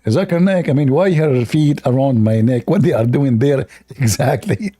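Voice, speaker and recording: A man's voice: medium pitch, lively intonation, moderate pace, few pauses, warm tone. A male host, giving mocking, sarcastic debate commentary with lots of repetition. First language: Arabic.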